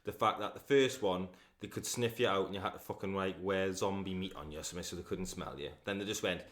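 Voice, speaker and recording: A man's voice: sits low, fairly even intonation, quick pace, hardly any pauses, a bit bright, reverberant. A man co-hosting a podcast, talking bluntly and swearing as he rants in casual chat. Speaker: podcast co-host.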